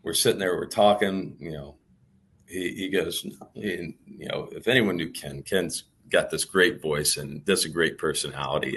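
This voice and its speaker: Deep husky guy chatting, rambly, lots of you knows. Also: moderate pace, fairly bright tone. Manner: rambling, storytelling, many fillers. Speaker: professional baseball player, guest. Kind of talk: casual interview chat.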